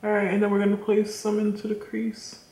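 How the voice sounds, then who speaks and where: A woman's voice: medium pitch, monotone, fairly quick, a little mellow. A woman chatting enthusiastically to her viewers while doing a makeup tutorial, speaking to them directly. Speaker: beauty vlogger. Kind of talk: casual makeup tutorial chat. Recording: echoey room.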